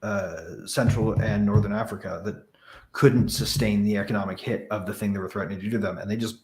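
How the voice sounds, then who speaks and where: Blunt low-voiced man in a roomy echo. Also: fairly even intonation, a little fast, darkish tone. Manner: emphatic, blunt, profane. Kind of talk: casual panel chat.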